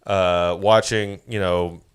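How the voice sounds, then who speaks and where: A man's voice: sits low, fairly even intonation, slow pace, clean tone. A man co-hosting a podcast, casually recapping a movie's plot in a rambling, profane way. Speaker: podcast co-host. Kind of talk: casual movie-review chat.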